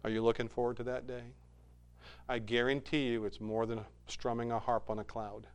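A man preaching a sermon as pastor, moving from hushed, quiet passages to loud, fervent ones. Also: mid-range voice, flat delivery, moderate pace, clean tone.

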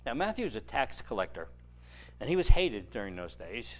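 A man preaching a sermon, retelling scripture in an animated storytelling way with dry joking asides. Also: on the low side, moderate pace, soft background music.

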